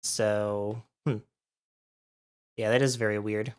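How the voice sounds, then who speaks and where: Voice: medium pitch, little pitch movement, slow pace, smooth. A livestreamer chatting casually with viewers while setting up, a bit out of breath from allergies and thinking aloud.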